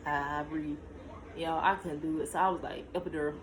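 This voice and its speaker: A young woman telling her own story to camera in a casual vlog, talking straight to her viewers and jumping high in pitch when she relives tense moments. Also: steady tone, fast talker, noisy background. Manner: talks to viewers directly, shushing her child between lines.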